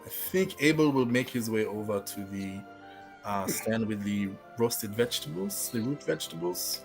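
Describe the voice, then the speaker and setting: A man playing a character in a tabletop game, ordering food at a market in an easy, relaxed manner. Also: mid-range voice, moderate pace, gravelly, soft background music. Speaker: player. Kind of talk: casual tabletop roleplay.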